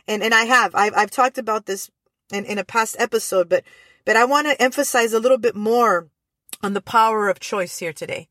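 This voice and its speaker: A woman's voice: a little high, fairly quick, a bit bright, no echo. A woman hosting a faith-based motivational podcast, speaking earnestly with frequent restarts and repeated phrases. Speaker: podcast host.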